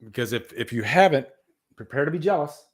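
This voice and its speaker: A man's voice: medium pitch, lively intonation, a little fast. A man hosting a casual live stream, rambling with enthusiasm and talking to viewers in the chat. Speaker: livestream host.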